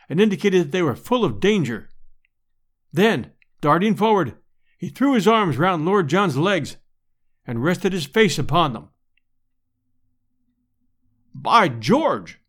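Man, audiobook narration, expressive, lively intonation, fairly high voice. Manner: expressive, measured storytelling. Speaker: audiobook reader. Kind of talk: novel narration.

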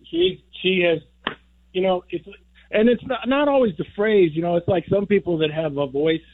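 A man's voice: sits high, moderate pace, no echo. A man calling in to a radio talk show and griping in an irritated way. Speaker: caller. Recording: dry, tinny phone line.

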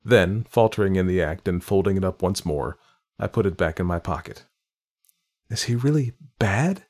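A man reading a classic novel aloud as narrator, measured and literary in his delivery. His voice sits on the low side, and the long, winding sentences are paced with care. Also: a little mellow. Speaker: audiobook narrator.

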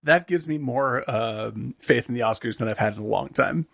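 A man's voice: mid-range voice, normal speed, gravelly, a bit bright, husky, no room sound, clean studio sound. A man co-hosting a movie review podcast, talking casually with lots of fillers and jokes. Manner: rambling, jokey, many fillers. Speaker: podcast co-host.

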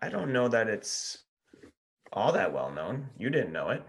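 A man's voice: lowish voice, very animated, measured pace, vocal fry. A man co-hosting a podcast, teasing his friend and telling dry, rambling stories in casual banter. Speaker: podcast co-host.

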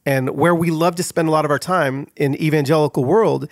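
A middle-aged man speaking a little high for a man, telling his story with animated energy and easy laughter. He is the guest author in a casual interview. The sound is dry and close with no room echo. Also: fairly quick.

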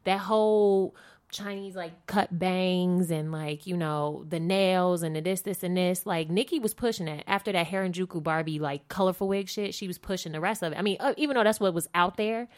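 A woman's voice: fairly low pitch, a little mellow. A woman co-hosting a podcast, chatting casually and often chiming in with agreement. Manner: agreeable, quick back-channel responses. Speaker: podcast co-host. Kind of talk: casual chat.

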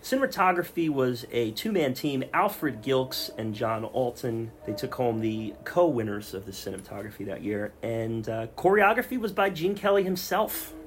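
A man's voice: medium pitch, lively intonation, moderate pace, few pauses, a little hiss or hum. A man hosting a casual podcast, reading off film facts and joking with his co-hosts. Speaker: podcast host.

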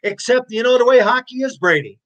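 A man in his sixties telling his stories as an interview guest, animated, blunt and profane. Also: very high voice, fairly quick, dull audio. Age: 60s. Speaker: interview guest, former hockey player. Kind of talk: casual storytelling.

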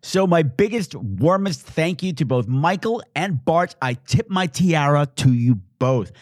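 A man with a Long Island accent hosting a casual podcast outro, camp and theatrical, his voice swooping up high when excited. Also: measured pace, no echo, studio quality. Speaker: podcast host.

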